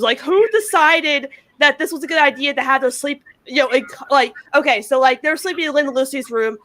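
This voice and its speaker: A woman's voice: sits high, brisk, hardly any pauses. A woman chatting casually on an online fan review podcast, ranting with lots of "like"s. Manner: ranting, animated, many "like"s. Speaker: guest podcaster.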